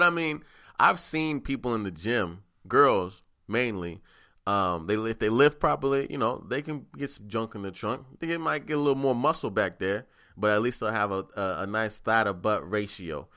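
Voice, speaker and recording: A man's voice: fairly low pitch, sharp tone, no room sound, clean studio sound. A man hosting a podcast, telling stories in a rambling, profane, casual monologue. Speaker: podcast host.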